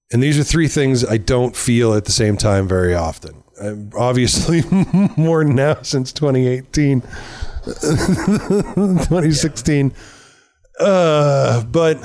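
A man's voice: medium pitch, darkish tone. A middle-aged man and parent telling a story in casual conversation, candid and self-mocking, swearing and laughing often.

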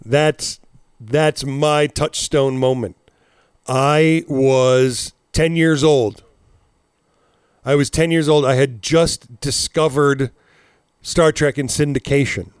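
A man's voice: medium pitch, fairly even intonation, slow pace, clean tone, no echo, studio quality. Rambling, laughing podcast man. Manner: rambling, profane, laughing storyteller. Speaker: podcast co-host. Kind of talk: casual chat.

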